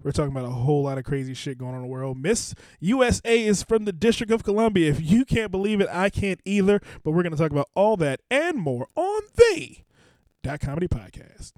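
A man's voice: sits high, very animated, brisk, dry recording. A man hosting a casual comedy podcast from a home basement studio, joking and hyping up the show. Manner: loud hype-man intro, joking. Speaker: podcast host.

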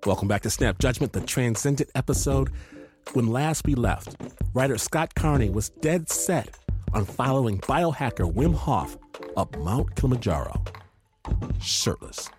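A man hosting and narrating a story in a measured, dramatic way. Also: medium pitch, very animated, music in the background. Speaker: host and narrator. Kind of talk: scripted narration.

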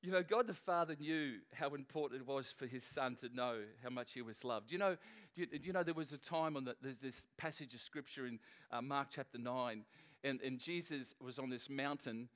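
A man's voice: mid-range voice, brisk, fairly bright tone. A middle-aged man preaching a sermon at a church service in a loose, joking, conversational way, often restarting his sentences. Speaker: pastor.

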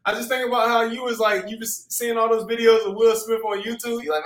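A man talking casually on a podcast, rambling with restarts and plenty of swearing, growing animated when he retells a story. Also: extremely high pitch, fast talker, hardly any pauses, roomy sound. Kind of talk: casual chat.

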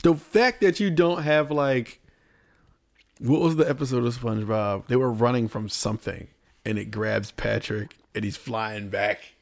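A young man co-hosting a casual podcast chat, animated and swearing freely. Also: mid-range voice, a little slow, vocal fry. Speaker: podcast co-host, streamer.

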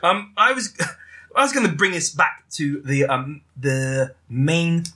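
A man's voice: fairly high pitch, very animated, slow pace, sharp tone. A man hosting a comedy book chat, hesitant and full of ums as he steers the talk.

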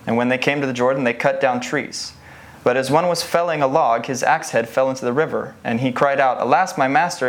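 A man reading Bible passages aloud to a congregation in a measured, steady way. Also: medium pitch. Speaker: scripture reader.

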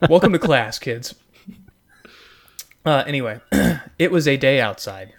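A man's voice: medium pitch, lively intonation, unhurried. A young man hosting a casual comedy podcast, rambling with lots of fillers and giggling as he reads fan fiction aloud. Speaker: podcast host.

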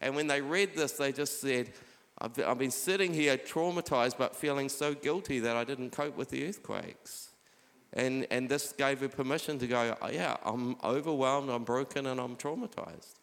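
A man's voice: medium pitch, normal speed, vocal fry. A man, a pastor giving a conversational sermon with scripture readings, recorded live in a church hall. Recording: live hall with long reverb.

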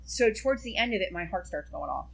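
Fast-talking woman telling a story. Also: fairly low pitch, vocal fry, poor audio. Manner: chatty, swears freely, animated storytelling. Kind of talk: casual chat.

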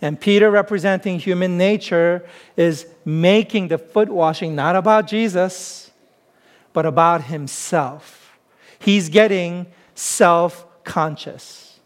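A pastor delivers his sermon in a fairly high male voice. He keeps it conversational, working through the text by putting rhetorical questions to his listeners. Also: slow pace.

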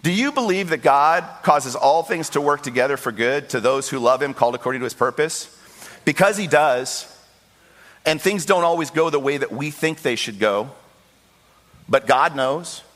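A man preaching a sermon as pastor, telling a story with lively quoted voices. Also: a little high, moderate pace. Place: church sanctuary. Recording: long hall reverb.

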